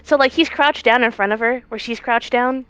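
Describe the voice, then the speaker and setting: A woman's voice: on the high side, brisk, a bit bright, smooth, no room sound, dull audio. A woman player casually narrating her character's actions, swearing and using many fillers.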